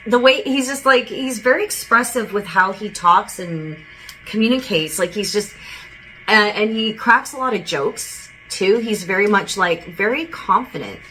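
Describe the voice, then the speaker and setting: A woman's voice: medium pitch, lively intonation, measured pace, sharp tone, faint music behind, low-quality recording. A woman as a psychic medium giving a channeled spirit reading, relaying what she hears in a casual, rambling way with lots of "he goes".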